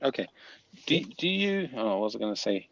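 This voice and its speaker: A man's voice: on the low side, very animated, brisk, creaky, fairly bright tone, no room sound. A man hosts a casual online panel, jumping in often. His voice comes through dry and muffled. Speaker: show host.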